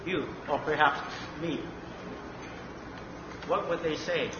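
A man earnestly asking questions in a Bible discussion. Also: a little high. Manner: earnest, searching, asks questions. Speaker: participant in a Bible study. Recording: roomy, muffled, noisy room recording.

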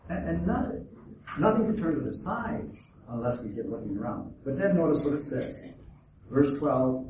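A man preaching a sermon, earnest and halting, often restarting his words. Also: fairly high pitch, very animated. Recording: echoey, distant, phone-like, noisy.

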